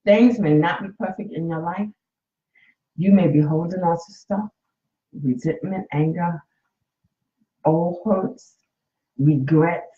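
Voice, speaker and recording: A woman's voice: fairly low pitch, takes it slowly, pauses often, roomy sound, narrow, tinny audio. A woman in her late fifties, a coach and nurse, talks candidly and emotionally to viewers during a casual live stream from her phone. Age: 50s.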